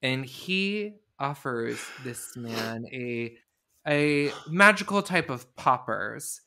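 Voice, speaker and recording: A man hosting a podcast, telling the story in an animated, sarcastic way in casual comedic chat. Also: medium pitch, slow. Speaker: podcast host.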